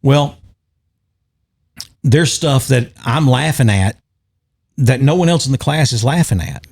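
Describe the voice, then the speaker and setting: A man's voice: mid-range voice, animated, unhurried, creaky, a little mellow, slightly rough. A man co-hosting a podcast, telling long rambling stories in casual chat and chuckling often. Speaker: podcast co-host.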